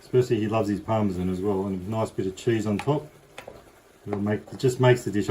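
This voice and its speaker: A middle-aged Australian man walks through a recipe in a casual, rambling, friendly way. His voice is mellow and unhurried, recorded in a home kitchen with a faint hum of noise behind him. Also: on the low side, steady tone, poor audio. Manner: chatty, rambling, easygoing. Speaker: cooking vlogger. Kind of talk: casual cooking demonstration.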